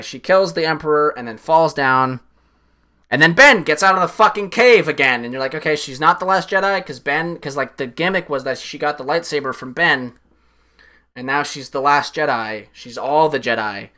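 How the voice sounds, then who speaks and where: Young man, casual film recap, rambling, profane, excitable, slightly high voice, bright forceful tone. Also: normal speed. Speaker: streamer.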